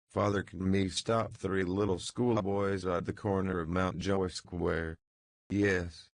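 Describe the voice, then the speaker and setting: Slow, gravelly deep-voiced male narrator. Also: dry recording. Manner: slow, measured, even reading. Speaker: audiobook narrator. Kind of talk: literary audiobook narration.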